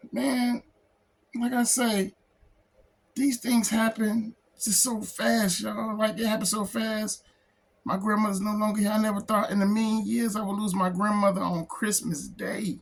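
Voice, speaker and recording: A man who is a comic book artist, talking in an emotional personal vlog, close to tears, halting and repeating himself. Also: sits high, level tone, gravelly. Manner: halting, repeats phrases, says "man" a lot. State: tearful, close to crying.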